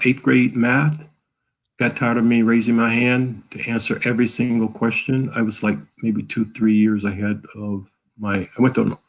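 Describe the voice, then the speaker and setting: Guest author, male, from the American South: low gravelly voice, husky edge, earnest and halting, on a video call. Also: rough recording. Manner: earnest, halting, with many fillers. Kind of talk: emotional personal storytelling.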